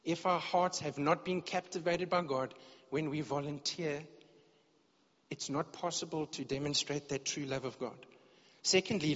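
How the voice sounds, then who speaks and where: Earnest preacher guy, kinda high voice, long echo like a big church hall, dull lo-fi sound. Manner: earnest, repeats words when searching for phrasing. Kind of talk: sermon.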